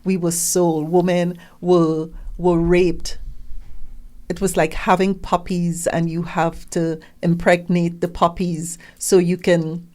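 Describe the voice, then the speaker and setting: An animated middle-aged woman speaks as a guest in a relaxed interview, her voice sitting a little low for a woman. She talks with emphasis and slips into the questions others have put to her, bringing them to life as she quotes them. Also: takes it slowly. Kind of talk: conversational interview.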